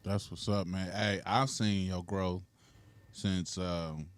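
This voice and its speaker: Low-voiced man hosting a chat. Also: steady tone, slow, no echo. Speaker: host. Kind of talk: casual interview chat.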